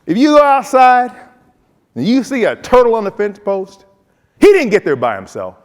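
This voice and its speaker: A man imitating a loud, fast-talking older male football coach from South Carolina with a South Carolina accent. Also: wildly swooping pitch, in a large hall, full character voice. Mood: excited rambling. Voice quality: high, shouting, rapid drawl.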